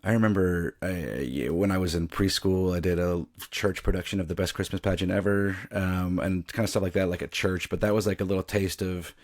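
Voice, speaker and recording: A man's voice: sits low, steady tone, fairly quick, hardly any pauses, no room sound, studio quality. A man from the American South, an actor talking casually as a podcast guest, rambling with many restarts and a mostly neutral American accent. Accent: neutral American, faint Southern. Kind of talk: casual interview chat.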